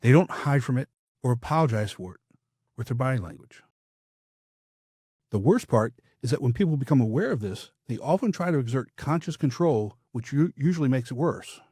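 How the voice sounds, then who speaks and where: A man coaching public speaking in a scripted podcast, with a measured, emphatic delivery and firm downward endings. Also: mid-range voice, lively intonation, mellow, slightly rough, dry recording, studio quality.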